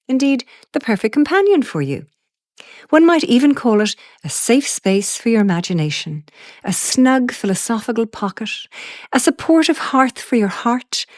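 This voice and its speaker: A woman's voice: medium pitch, no room sound, clean studio sound. Ornate, theatrical woman podcast host. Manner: ornate, theatrical, wordplay-loving delivery. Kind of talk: scripted podcast introduction.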